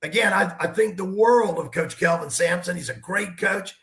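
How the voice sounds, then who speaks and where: High gravelly guy, coach telling a story, punchy and animated, bit echoey room. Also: normal speed. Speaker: basketball coach guest. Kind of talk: storytelling sports talk.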